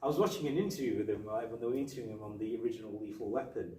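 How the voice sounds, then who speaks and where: A man co-hosting a casual film review podcast, retelling scenes in an animated way and acting out the quotes. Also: lowish voice, rapid-fire, a little hiss or hum. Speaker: podcast co-host. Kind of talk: casual movie review chat. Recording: roomy echo, far from mic.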